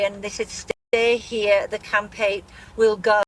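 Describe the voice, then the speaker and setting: A middle-aged woman giving a live news interview as a grieving mother, speaking in a halting, shaken way with many restarts. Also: medium pitch, little pitch movement, a bit bright, slight background noise, low-quality recording.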